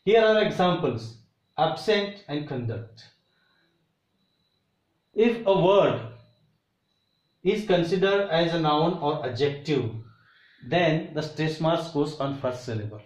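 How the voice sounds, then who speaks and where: A man giving a pronunciation lesson, repeating example words slowly and deliberately. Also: on the high side, expressive, roomy sound, low-quality recording. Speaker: teacher.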